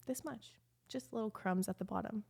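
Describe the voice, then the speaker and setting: A young woman hosting a podcast, telling a story in a candid, animated way and swearing freely. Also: medium pitch, normal speed, gravelly, slightly rough. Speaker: podcast host. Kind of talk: casual storytime chat.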